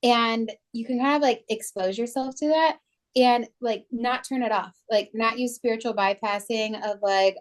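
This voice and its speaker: A woman's voice: on the high side, steady tone, moderate pace. Chatty woman podcaster. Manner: chatty, many "like" and "you know" fillers. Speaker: podcast co-host. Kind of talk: casual podcast conversation.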